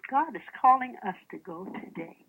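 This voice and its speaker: A woman with a slightly high, husky voice preaches at a moderate pace, but the audio is narrow and tinny. Her animated sermon mixes storytelling with rhetorical questions to the congregation, and she reads old first-person accounts aloud as stories.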